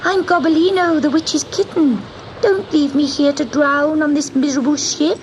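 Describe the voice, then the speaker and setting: A squeaky, frightened little boy kitten , as a woman puts him on, begs in a high, wavering voice. Each line wobbles with tears. A steady hiss sits under the storybook recording. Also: moderate pace, lightly acted, rough recording. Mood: pleading. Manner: tearful, pleading. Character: small timid male kitten, high and pleading. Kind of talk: storybook narration.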